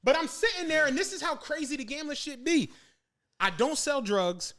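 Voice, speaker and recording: A man's voice: very high-pitched, moderate pace. A man telling a long story in casual podcast chat, laughing often, swearing freely and acting out the voices of people he quotes. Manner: animated, laughing, profane, acts out quoted voices. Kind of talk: casual storytelling among friends.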